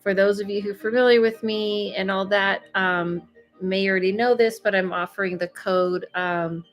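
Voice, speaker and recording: A woman's voice: mid-range voice, fairly even intonation, moderate pace. A woman hosting a casual livestream as a psychic medium, chatting and reading viewer comments with lots of fillers and laughs, a little stuffy from allergies. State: slightly congested from allergies. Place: home, Los Angeles. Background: faint music.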